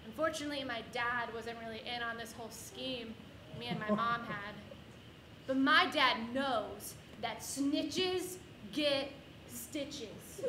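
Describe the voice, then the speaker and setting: A woman's voice: on the high side, takes it slowly. A woman giving a live, comic personal storytelling performance on stage before an audience. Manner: comic, animated, with audience laughter between lines. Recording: echoey room with background noise.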